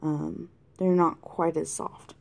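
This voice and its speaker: A woman talking through a colored-pencil tutorial in a chatty way, thinking aloud and often dropping to a soft whisper. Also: deep voice, flat delivery, slow, creaky. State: has the hiccups. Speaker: art tutorial host. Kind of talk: casual drawing tutorial narration. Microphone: camera mic close to the desk.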